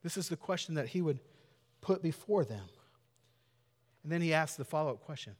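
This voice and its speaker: A man's voice: a little high, lively intonation, normal speed, long pauses, in a large hall. Earnest, conversational male preacher. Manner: conversational, earnest, drops to near-whispers for emphasis. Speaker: pastor. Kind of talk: sermon.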